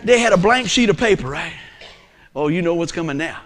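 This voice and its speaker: A man, preaching a sermon as a folksy storyteller whose delivery swings from loud bursts to hushed asides. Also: a little high, sing-song, fairly quick, husky. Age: 50s.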